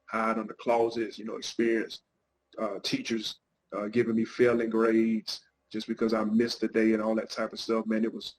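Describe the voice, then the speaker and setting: Man, middle-aged, earnest, personal storytelling, monotone, faint background noise. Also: lowish voice, low-quality recording. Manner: earnest, heartfelt recounting. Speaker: guest, pastor and counselor.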